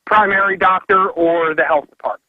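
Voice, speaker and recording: A man calling into a radio show, speaking earnestly and haltingly. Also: high voice, steady tone, dry recording. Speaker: caller. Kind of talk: call-in conversation. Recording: tinny dry phone line.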